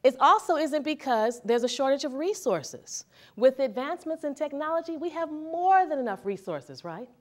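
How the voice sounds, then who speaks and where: Woman motivational speaker, slightly high voice, chatty seminar delivery that keeps drawing the room in. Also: expressive, moderate pace. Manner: conversational, asks the audience questions. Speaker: therapist and speaker. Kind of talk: motivational talk to a live audience.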